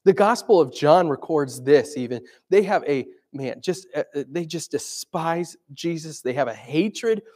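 A man's voice: on the high side, expressive, measured pace, hardly any pauses, a little mellow. A man preaching a sermon in a conversational way, asking his listeners questions.

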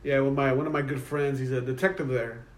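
A young man, telling a profane, animated story as a podcast co-host. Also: medium pitch, brisk. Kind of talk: casual storytelling.

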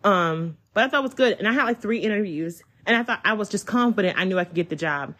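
A woman, hosting a podcast from home and telling a personal story in a chatty, excitable way. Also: mid-range voice, fast. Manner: chatty, excitable, addresses listeners as y'all. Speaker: podcast host. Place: at home, child in the room.

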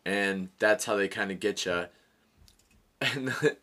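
Man, thirties, relaxed chat, bright voice, slightly low, laughing, swearing. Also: slow. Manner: laughing, animated, swears often. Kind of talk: casual storytelling chat.

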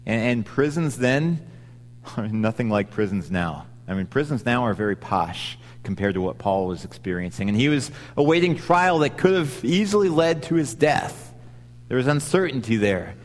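A man's voice: mid-range voice, lively intonation, moderate pace, in a large hall. A man preaching a sermon in a conversational way, with frequent restarts and asides. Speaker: pastor.

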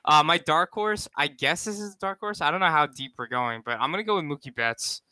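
Male podcast co-host, hesitant delivery, smooth sharp voice. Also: a little high, brisk, no echo. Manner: hesitant, full of ums and restarts. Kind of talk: casual podcast chat.

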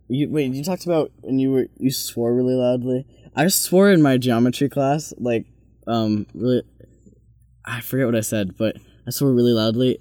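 A teenage boy hosts casual student interviews, playful and quick to laugh. His voice sits at a middle pitch and is recorded dry and close. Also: mellow, dry recording. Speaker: host.

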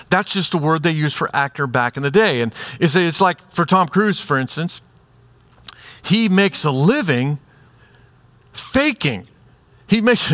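A male pastor preaching in a relaxed, conversational way, sounding like he is talking straight to the room. His voice sits fairly high for a man. He often acts out little scenes to make his point. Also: no room sound. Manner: conversational, animated, acts out examples. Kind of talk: sermon.

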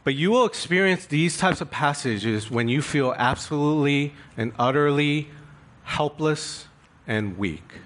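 A man's voice: fairly high pitch, animated, a little slow, a bit bright. A male pastor preaching a sermon in an earnest, confessional way, building emphasis through rhetorical questions.

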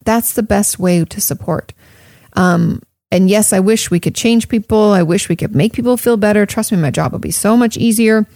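A woman's voice: medium pitch, darkish tone, no room sound. Chatty woman therapist, dry close sound. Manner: conversational, frequent "like" and "um", emphatic repetition. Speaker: therapist answering listener questions. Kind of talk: casual advice talk.

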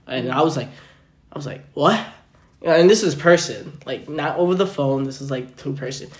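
A man's voice: fairly high pitch, lively intonation, normal speed. A young man hosting a podcast, telling personal stories casually and acting out both sides of each conversation. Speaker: podcast host. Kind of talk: casual storytelling chat. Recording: roomy echoey room.

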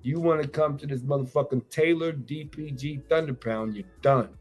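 A man's voice: fairly high pitch, moderate pace, faint music behind. A man on a radio show, bragging loosely about his fighting and betting, with rambling slang and swearing. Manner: boastful, rambling, profane slang. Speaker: radio guest. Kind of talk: boastful casual chat.

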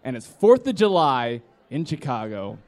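A man's voice: medium pitch, very animated, normal speed, a little mellow. Man in his twenties telling a rowdy story. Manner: rambling, acts out voices of friends. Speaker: storyteller at a live comedy podcast. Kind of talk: live comedic storytelling. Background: live audience laughter.

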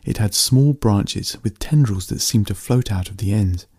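A man reading a story aloud in a steady, plain narrating voice. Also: fairly low pitch, normal speed, breathy edge.

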